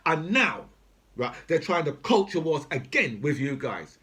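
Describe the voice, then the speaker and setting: A man's voice: a little high, animated, a little slow, a bit bright. A middle-aged man, talking unscripted and at length. He swears freely and keeps tossing in "right?" and "do you know what I mean?" as he goes. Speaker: political commentator. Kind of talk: unscripted rant.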